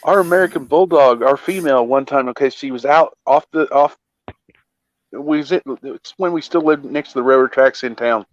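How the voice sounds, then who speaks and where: A man's voice: medium pitch, moderate pace. A tired man hosting a livestream in casual chat, rambling in a laid-back way and correcting himself as he goes. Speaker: livestream host. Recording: muffled lo-fi stream audio.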